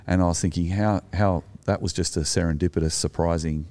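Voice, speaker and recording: A man's voice: sits low, steady tone, fairly quick, a little mellow. An Australian man, an Anglican minister co-hosting, telling a story in an earnest, reflective way. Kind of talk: conversational storytelling.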